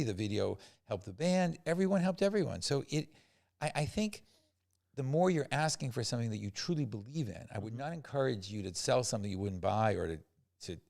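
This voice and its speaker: An older man, a film producer, telling animated anecdotes as a podcast guest and acting out the quotes. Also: medium pitch, gravelly. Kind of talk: storytelling in a podcast interview.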